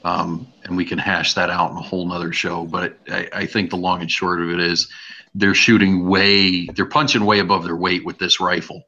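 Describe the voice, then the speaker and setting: A man co-hosting a gun podcast, talking casually with a joking, drawn-out delivery. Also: deep voice, little pitch movement, sharp tone, highs cut off. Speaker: podcast co-host. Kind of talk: casual chat.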